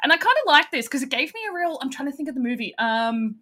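Australian woman, podcast co-host, bright-toned, higher voice, chatty and giggly. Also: fast. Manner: chatty, laughs often, quotes people in lively voices. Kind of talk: casual chat.

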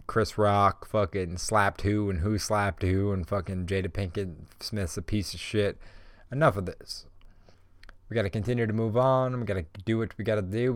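A man's voice: lowish voice, no room sound. A young man hosting a podcast, ranting casually and heatedly, swearing constantly and filling his talk with "bro" and "like.". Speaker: podcast host. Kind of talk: casual profane rant.

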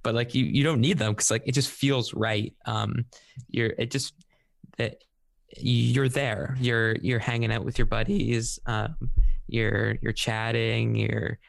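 A man's voice: mid-range voice, little pitch movement, slow, creaky, dry recording, clean studio sound. A man co-hosting a casual music podcast, searching for words and musing hesitantly with many ums and likes. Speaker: podcast co-host.

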